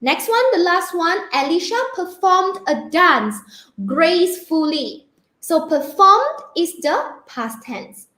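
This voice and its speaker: Woman, primary teacher, high voice, unhurried, patient drilling, roomy echo. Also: sing-song, pushed and bright. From Malaysia. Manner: slow, patient, spells words out letter by letter; peppers speech with "okay?" checks. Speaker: primary school English teacher. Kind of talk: online grammar lesson. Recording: echoey room.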